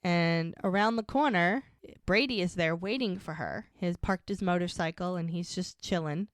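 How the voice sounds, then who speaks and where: Podcast co-host, woman, low voice, dry close sound, chatty recap acting out quotes. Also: normal speed, no room sound. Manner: retells scenes acting out quotes. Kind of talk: casual recap chat.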